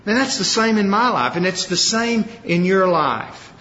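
A man preaching a sermon, retelling a story with lively acted-out quotes. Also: high-pitched, measured pace. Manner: animated storytelling, acting out quoted lines. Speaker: pastor. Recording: roomy hall, dull lo-fi sound.

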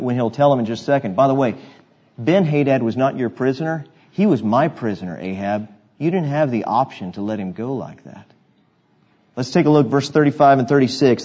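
A man's voice: medium pitch, moderate pace, a little mellow, slightly rough, highs cut off. A male pastor preaching an expository sermon, reading scripture and asking his congregation rhetorical questions in a conversational way.

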